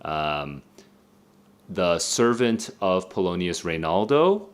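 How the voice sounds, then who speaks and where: A man's voice: sits low, big pitch swings, slow pace, clear, resonant tone. A young man streaming a live read-along of a play, thinking aloud with many fillers and restarts.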